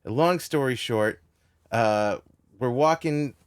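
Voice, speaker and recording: A man's voice: mid-range voice, slow, clean tone. A man from New York, a podcast host, telling a long rambling story full of restarts. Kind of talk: storytelling in casual chat.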